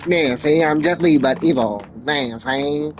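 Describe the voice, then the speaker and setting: Smug mustached villain played by a man, raised pitch, old-time gangster drawl. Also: measured pace, background noise, close to an everyday voice. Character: evil mustached male movie villain, smug.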